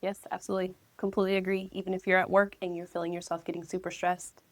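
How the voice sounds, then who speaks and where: A woman's voice: fairly low pitch, level tone, quick pace, no echo. A woman co-hosting a health podcast, agreeing and adding advice in an upbeat way. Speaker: podcast co-host. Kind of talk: casual health chat.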